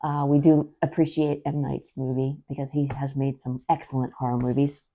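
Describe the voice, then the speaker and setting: A woman co-hosting a casual podcast chat, quick to laugh and chime in agreement. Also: a bass voice, little pitch movement, dark tone. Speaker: podcast co-host. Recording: dull lo-fi sound.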